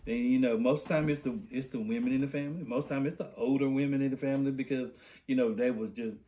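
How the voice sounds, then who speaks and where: A man's voice: mid-range voice, steady tone, quick pace, warm tone. A man hosting a podcast conversation, reflective and affirming as he thinks aloud. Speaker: podcast host.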